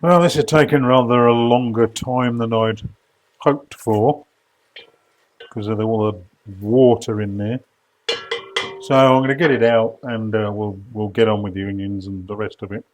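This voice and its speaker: A man's voice: on the low side, fairly even intonation, normal speed. A man hosting his cooking channel from a home kitchen, chatty, rambling and self-deprecating. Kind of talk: casual cooking vlog chat.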